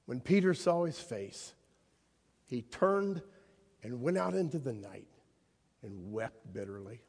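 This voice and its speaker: Animated, high-voiced male preacher in a hall. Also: measured pace, husky. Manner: dramatic storytelling, voicing the figures he quotes. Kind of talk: sermon. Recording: long reverb of a large hall.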